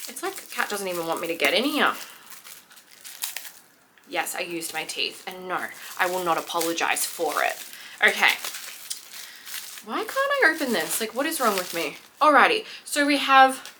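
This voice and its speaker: A young woman chatting excitedly to viewers as she unboxes a book parcel. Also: medium pitch, a little hiss or hum. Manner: gushing, excitable, talks to viewers. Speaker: book vlogger. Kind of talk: casual unboxing chat.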